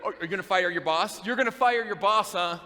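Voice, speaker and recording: A man voicing a scornful young man who mocks a friend's business plans with high, jeering laughter. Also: quick pace, pushed and bright, slight background noise. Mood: mocking. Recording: long reverb of a big hall.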